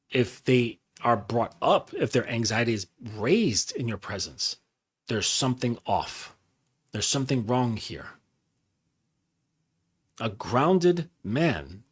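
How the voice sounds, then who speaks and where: A man's voice: mid-range voice, husky. A man giving a casual coaching monologue, talking loosely with lots of fillers and swearing. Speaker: dating and masculinity coach.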